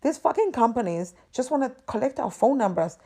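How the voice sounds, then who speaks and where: Woman host, mellow tone, venting hard, swears a lot, emphatic rant. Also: on the high side, lively intonation, brisk. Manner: exasperated, profane, emphatic. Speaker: podcast host. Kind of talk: ranting monologue.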